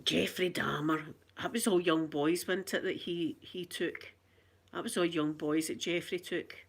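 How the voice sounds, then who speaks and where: A woman's voice: on the low side, fairly even intonation, a little slow. A woman with a Scottish accent chatting casually to her viewers on a phone, rambling and laughing often. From Scotland. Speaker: channel host.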